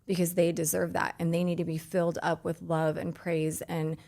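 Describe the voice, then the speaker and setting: Earnest halting woman podcast host. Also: lowish voice, flat delivery, gravelly, a little mellow. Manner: earnest, halting, many restarts and fillers. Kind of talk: casual heartfelt conversation.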